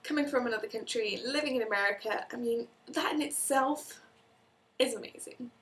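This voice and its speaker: A young Welsh woman talks casually to camera, her voice sitting a little high. She chats on, slipping into quick quoted asides and restarting her sentences as she goes. She sounds slightly distant from the microphone. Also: fairly bright tone. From Wales. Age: young adult. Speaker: vlogger. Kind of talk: casual vlog monologue.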